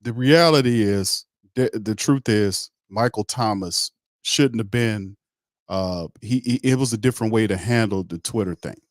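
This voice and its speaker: A man's voice: on the low side, unhurried, no echo, clean studio sound. A man hosting a sports talk show, giving blunt, emphatic, heated opinions in casual slang.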